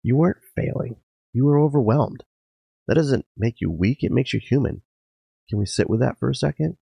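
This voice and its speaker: A man doing a calm, steady woman therapist with a gravelly voice. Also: very deep voice, moderate pace, no room sound, muffled recording, pitched above the performer's own voice, exaggerated voice. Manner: gentle, persistent questioning.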